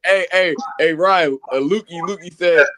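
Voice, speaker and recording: A man's voice: a little high, unhurried, crowd noise. A man in his thirties on a casual group call, teasing and laughing a lot.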